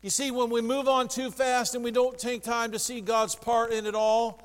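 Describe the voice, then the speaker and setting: A male pastor preaching with a high, ringing voice that swings from near-whispers to shouts. The sound carries a long church reverb around him. His delivery is lively and animated throughout. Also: normal speed, smooth. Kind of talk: sermon. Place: church sanctuary.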